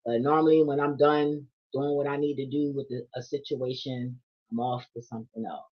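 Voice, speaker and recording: A woman's voice: a bass voice, normal speed, highs cut off. A woman vlogger, telling a casual monologue full of slang and swearing. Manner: animated, profane storytelling with slang.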